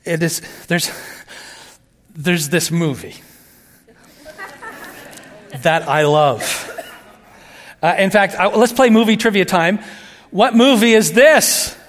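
A man with a high, light voice delivers a sermon with lively energy, swinging from excited asides to soft, hushed emphasis. His voice carries a long reverb, as if filling a large hall. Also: slow, pauses often. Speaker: pastor.

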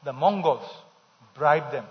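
High-voiced preacher in an echoing hall. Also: male voice, slow. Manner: emphatic, repeats key phrases and leads the congregation in call-and-response. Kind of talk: sermon. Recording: dull sound with long hall reverb.

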